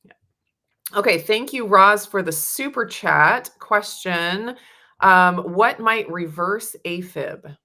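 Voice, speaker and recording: A woman's voice: medium pitch, takes it slowly, pushed and bright. A woman hosting a live Q&A, reading out viewer questions, thanking viewers and adding short, encouraging replies. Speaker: host.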